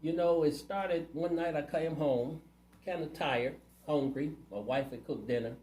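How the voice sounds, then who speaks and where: A man's voice: on the high side, unhurried, darkish tone, roomy sound, rough recording. A man running for city council, answering interview questions in a plainspoken, earnest way. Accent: Ohio. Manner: earnest, plainspoken, community-minded.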